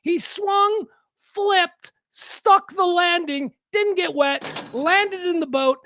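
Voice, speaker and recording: A man's voice: extremely high pitch, slow, pushed and bright. A man hosts a live show and talks through viral clips in a loose, enthusiastic way. He laughs easily and keeps the chat going. The sound is dry and close, with no room echo. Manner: chatty, enthusiastic, laughs often. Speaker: livestream host. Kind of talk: casual commentary on videos.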